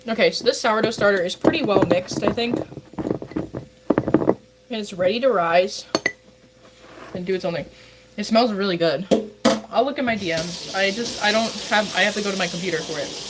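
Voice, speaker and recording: A woman's voice: mid-range voice, normal speed, pauses often, heavy background noise. A woman livestreamer chatting casually with her viewers as she bakes, rambling and talking straight to her chat. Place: home kitchen.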